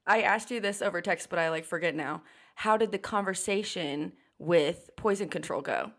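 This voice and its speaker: A woman's voice: lowish voice, normal speed, a bit bright. A woman co-hosting a podcast, reacting to a story with laughs and questions. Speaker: podcast co-host. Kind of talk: casual chat.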